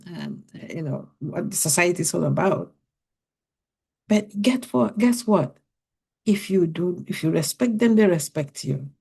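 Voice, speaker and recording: A woman's voice: fairly low pitch, vocal fry, a little mellow, breathy edge. A middle-aged woman from Africa hosting a podcast, speaking earnestly and putting question after question to parents. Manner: earnest, poses many questions to listeners. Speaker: podcast host.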